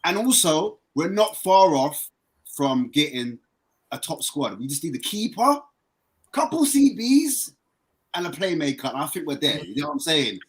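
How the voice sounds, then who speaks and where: A man talking as a football fan guest on a casual podcast, animated and excitable, his voice jumping higher when worked up. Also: normal speed, husky.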